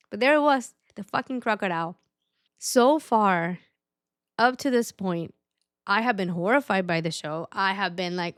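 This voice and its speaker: A woman's voice: mid-range voice, normal speed, a bit bright, clear, resonant tone, no echo, clean studio sound. A woman hosting a podcast, speaking frankly and emotionally in a personal monologue, swearing often. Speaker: podcast host.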